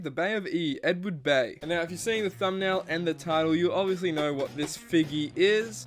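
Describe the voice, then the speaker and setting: Goofy Australian man unboxing a toy. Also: on the high side. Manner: goofy, jokey, excitable. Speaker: toy collector reviewer. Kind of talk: casual unboxing chat.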